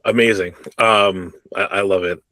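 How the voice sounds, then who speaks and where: A man's voice: deep voice, steady tone, measured pace, sharp tone, no echo. A man co-hosting a podcast, offering short reactions and questions with hesitant fillers. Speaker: podcast co-host. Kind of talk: casual podcast conversation.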